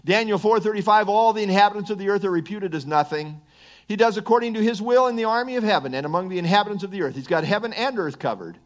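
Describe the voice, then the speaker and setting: A man's voice: sits high, fast. A man teaching through a Bible passage verse by verse, emphatic and chatty, with frequent asides and chuckles.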